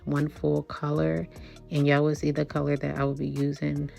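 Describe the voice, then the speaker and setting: A woman's voice: low-pitched, monotone, normal speed, vocal fry, warm tone, soft background music. A woman in her thirties chatting casually through a nail tutorial, a little out of breath, talking to viewers as y'all. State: slightly out of breath. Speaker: nail art vlogger.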